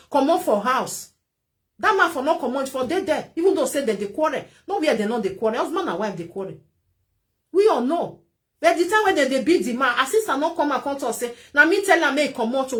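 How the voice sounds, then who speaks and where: A young woman speaks Nigerian Pidgin in a casual live-stream chat, her voice sitting a little high. She talks in an animated, pleading way and thanks viewers for their gifts as she goes. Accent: Nigerian Pidgin English.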